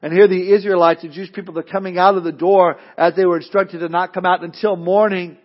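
A man preaching a sermon as a pastor, animated, acting out voices and often repeating words as he starts a thought. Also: high-pitched, quick pace. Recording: dull lo-fi sound.

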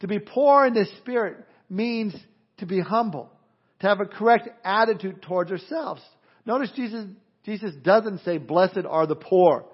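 Male preacher, high voice, homespun and emphatic, dull lo-fi recording. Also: normal speed, breathy edge. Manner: plain-spoken, emphatic, mimics people for effect. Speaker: preacher teaching through a book of the Bible. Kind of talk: conversational sermon.

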